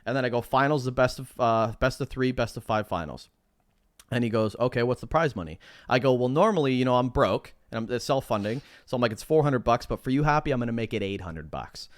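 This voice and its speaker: A man's voice: medium pitch, animated, fast, dry recording, clean studio sound. A man co-hosting a casual podcast, telling stories animatedly, acting out both sides of conversations and swearing freely. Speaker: podcast co-host.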